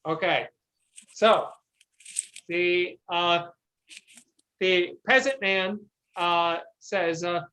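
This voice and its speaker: A woman narrating a tabletop game as game master in a relaxed, unhurried way. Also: on the low side, low-quality recording.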